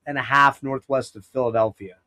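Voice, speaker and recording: A podcast host from Pennsylvania, talking in a loose, casual way. He winds through a long story with false starts and quoted back-and-forth, a man of ordinary middle pitch. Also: steady tone, a little fast, pushed and bright. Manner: long-winded storyteller, many restarts and quoted asides. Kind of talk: casual rambling chat.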